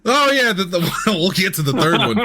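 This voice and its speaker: A man's voice: high voice, very animated, moderate pace, pushed and bright, slight background noise. A man hosting a casual movie podcast, joking and laughing as he talks. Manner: jokey, laughs often. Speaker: podcast host. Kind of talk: casual chat.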